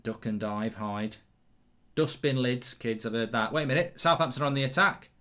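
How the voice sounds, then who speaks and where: A man's voice: mid-range voice, moderate pace, bright, forceful tone. A middle-aged man hosting a live football watchalong, chatting loosely, reacting to the match as it happens and reading out viewer comments.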